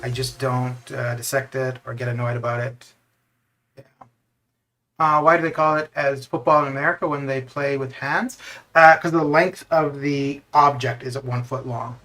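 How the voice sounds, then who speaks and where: A man's voice: medium pitch, steady tone, normal speed, bright, forceful tone, faint music behind. A man chatting casually while streaming a game, rambling with lots of fillers and restarts. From Canada. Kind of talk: casual chat while gaming live.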